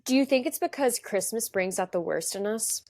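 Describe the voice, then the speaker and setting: A woman's voice: mid-range voice, animated, normal speed, darkish tone, no room sound. Wry female podcast co-host. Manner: dry, wry, brief interjections. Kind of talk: casual chat.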